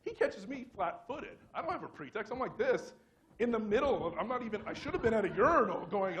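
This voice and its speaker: A man's voice: high voice, very animated, a little fast, fairly bright tone. A man giving a conference talk, telling a story casually with lots of fillers, restarts and self-mocking humor. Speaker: conference speaker.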